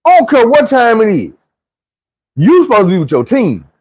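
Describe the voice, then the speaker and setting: A man voicing a stern male football coach who barks orders at his players in a loud, commanding voice. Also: extremely high pitch, huge pitch swings, normal speed, voice pushed up, heavily acted. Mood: stern lecture.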